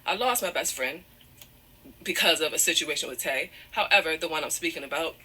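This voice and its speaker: A woman with a bright, forceful voice recounts a painful story while close to tears. She keeps apologizing and steering herself back with "however" as she digresses. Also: low-pitched, brisk, slightly rough. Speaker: guest telling her side of a breakup. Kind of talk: emotional personal storytelling.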